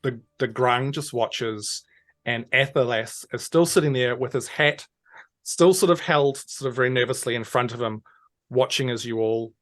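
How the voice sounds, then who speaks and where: Animated woman running a tabletop game. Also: rumbling low. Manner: animated, voices characters with many fillers. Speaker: game master.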